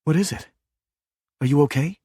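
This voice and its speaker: A man's voice: on the high side, moderate pace, mellow, slightly rough, no echo, studio quality, voice pushed up. A man voicing an earnest young woman.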